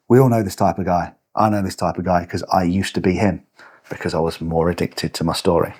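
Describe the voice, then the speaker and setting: A man's voice: deep voice, fairly even intonation, brisk, a little mellow, breathy edge. A man hosting a podcast as a coach, giving a blunt, punchy motivational talk with swearing. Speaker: podcast host and fitness coach. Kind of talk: motivational monologue.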